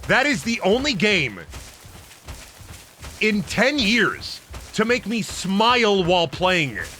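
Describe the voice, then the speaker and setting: A man's voice: high voice, big pitch swings, slow pace, pushed and bright, slight background noise. A young man streaming, ranting emphatically and swearing heavily in casual talk.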